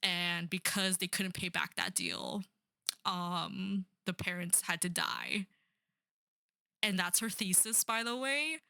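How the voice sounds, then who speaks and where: Young woman ranting about a book, bright tense voice, rambly, sarcastic, lots of likes and ums. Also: on the low side, slow, creaky, dry recording, studio quality. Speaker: book reviewer. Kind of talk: casual rant about a book.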